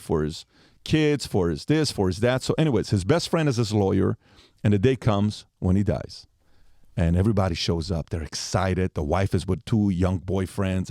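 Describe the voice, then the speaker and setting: A man in his forties spins a story on a podcast and jumps into the characters' lines as he tells it. His voice sits low and mellow. The sound is dry, with no room in it. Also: a little fast, no room sound. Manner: animated storyteller, acts out quoted lines. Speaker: podcast guest.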